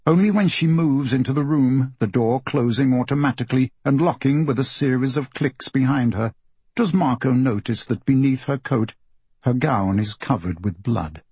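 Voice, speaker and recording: Breathy male audiobook narrator. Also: mid-range voice, normal speed, a little mellow, no room sound. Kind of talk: scripted literary narration.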